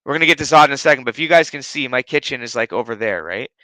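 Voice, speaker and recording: A man's voice: medium pitch, animated, very fast, pushed and bright, no echo, poor audio. A man hosting a casual home podcast, telling a rambling, profanity-heavy story full of fillers. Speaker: podcast host. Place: his living room at home. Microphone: streaming setup.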